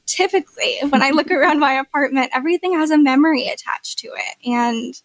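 A woman's voice: high-pitched, fairly quick, no echo. A young woman guest on a podcast, talking casually and effusively with lots of "like" and "you know". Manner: gushing, effusive, filler-heavy. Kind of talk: casual interview chat.

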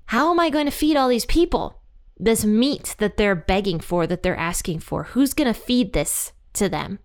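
A woman's voice: mid-range voice, lively intonation, normal speed, lightly acted. A woman voicing a weary, exasperated male leader who whines and complains dramatically, in a mostly everyday voice.

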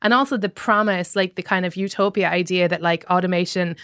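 A woman's voice: on the low side, fairly even intonation, fairly quick, fairly bright tone, clear, resonant tone, no echo, studio quality. A woman guest on a podcast, speaking in a thoughtful way and often agreeing. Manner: thoughtful, agreeing with many yeahs. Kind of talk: casual discussion.

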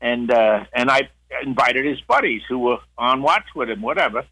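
A man's voice: mid-range voice, moderate pace, pushed and bright, breathy edge, poor audio. An older man, a guest on the show, telling a long story in a casual way, with many restarts and acted-out quotes.

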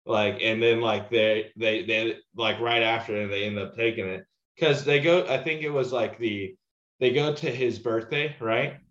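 A man co-hosting a film podcast, recalling scenes haltingly with many restarts and "um"s. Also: fairly low pitch, a bit bright. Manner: hesitant, restarts and "um"s while recalling. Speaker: podcast co-host. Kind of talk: casual film review chat. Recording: dull echoey room sound.

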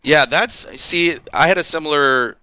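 A man from Southern California co-hosting a radio show, chatting lively and reading history facts. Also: on the high side, normal speed, clear, resonant tone, no room sound. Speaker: radio co-host.

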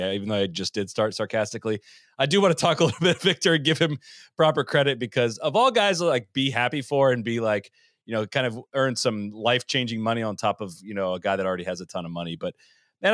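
Male podcast host, casual and joking, dry close sound, mid pitch. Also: a bit bright, dry recording. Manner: quick, joking, trails into restarts. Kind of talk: casual golf podcast chat with ad read.

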